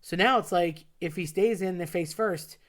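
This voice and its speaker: Casual storyteller, rambling, fillers, restarts, middle pitch. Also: normal speed, a bit bright.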